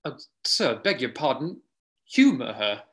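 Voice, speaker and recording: A man's voice: medium pitch, very animated, unhurried, a bit bright. A man reading a part aloud in a live play reading, flustered and stammering. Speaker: volunteer reader playing Jack.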